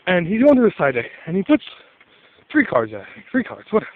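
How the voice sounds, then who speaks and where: A man's voice: high-pitched, huge pitch swings, fairly quick, phone-quality sound. A young man telling a story in a casual, profane rant, exasperated, with laughing asides.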